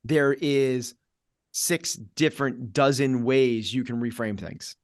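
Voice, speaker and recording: A middle-aged man, a fitness coach talking as a podcast guest, with an energetic, punchy delivery that keeps acting out inner voices. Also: medium pitch, takes it slowly, dry recording, clean studio sound. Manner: energetic, acts out inner voices in quoted asides. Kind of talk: podcast conversation.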